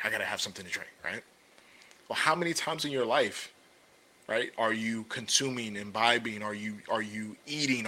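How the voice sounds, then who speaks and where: A young adult man co-hosting a podcast, telling a personal story in a relaxed, conversational way with many fillers, and building energy when he makes his point. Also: medium pitch. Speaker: podcast co-host and business coach. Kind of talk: casual podcast talk.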